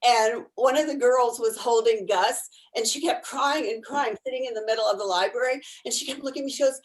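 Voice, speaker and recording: A woman's voice: fairly high pitch, brisk, hardly any pauses, poor audio. Chatty woman on a video call. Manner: animated, chatty, laughs often. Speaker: therapy dog volunteer. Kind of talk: casual storytelling on a video call.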